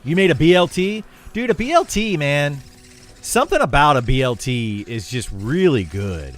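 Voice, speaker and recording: A man's voice: fairly high pitch, big pitch swings, moderate pace, a bit bright. A young man streaming a game and chatting casually with viewers, rambling with lots of fillers and restarts. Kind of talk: casual livestream chat with viewers.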